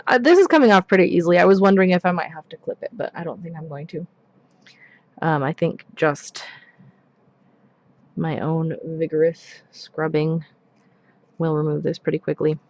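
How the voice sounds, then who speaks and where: A woman's voice: deep voice, normal speed, pauses often, dull audio. A woman chatting casually on a live stream while she paints her nails, rambling with many asides. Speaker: nail art streamer.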